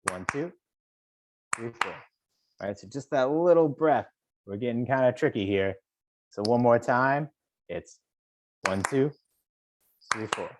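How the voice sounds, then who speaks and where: A man's voice: medium pitch, a little mellow, dry recording, clean studio sound. A man, a poet, leading a virtual workshop for teachers over a video call, encouraging them and counting beats aloud.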